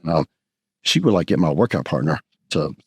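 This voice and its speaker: A man's voice: extremely low pitch, expressive, darkish tone, slightly rough. A man, a podcast guest telling blunt, profane stories in casual chat. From Texas. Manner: blunt, profane, fast anecdotes. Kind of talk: casual storytelling.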